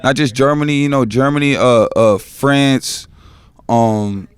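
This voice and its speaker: A man's voice: mid-range voice, measured pace, clear, resonant tone, no room sound. A young man from Los Angeles, a rapper guest in a casual podcast interview, talking in a laid-back way with street slang and frequent "you know" tags.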